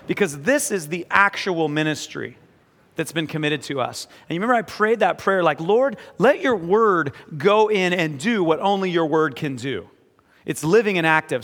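Fervent pastor in a reverberant hall. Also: male voice, high voice. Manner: swings between quiet earnest reading and emphatic exhortation. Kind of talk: sermon. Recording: echoey hall with long reverb.

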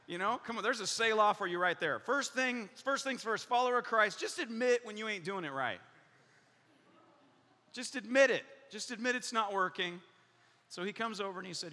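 Animated storytelling pastor in a reverberant hall. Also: male voice, sits high, brisk. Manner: animated storytelling, acts out voices, laughs often. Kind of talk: sermon with personal story. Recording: long hall reverb in a large room.

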